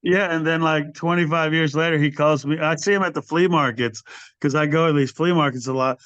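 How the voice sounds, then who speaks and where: Older male rocker guest, rambling raconteur, slightly high voice, dry and dull podcast audio. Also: fairly quick, clear, resonant tone, no room sound. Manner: animated storyteller, acts out quoted voices. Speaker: guest, metal band singer. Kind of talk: casual storytelling interview.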